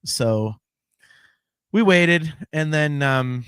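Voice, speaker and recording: Excited rambling man telling a story. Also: a little high, drawn-out words, clean tone, no room sound, clean studio sound. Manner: rambling, excited, swears casually. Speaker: podcast host. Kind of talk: casual storytelling chat.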